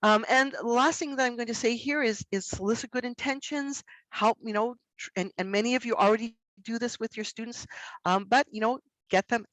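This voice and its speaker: A middle-aged woman presenting a workshop for educators in an expressive way, acting out examples in her voice. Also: fairly high pitch, a little fast, no echo, low-quality recording. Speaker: workshop presenter on student behaviour. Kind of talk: educational webinar talk.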